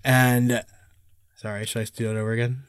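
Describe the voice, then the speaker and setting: A man's voice: medium pitch, level tone, normal speed, smooth, no echo, studio quality. A young man co-hosting a casual podcast, joking, swearing and giggling through bloopers. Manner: giggly, profane, jokey. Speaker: podcast co-host.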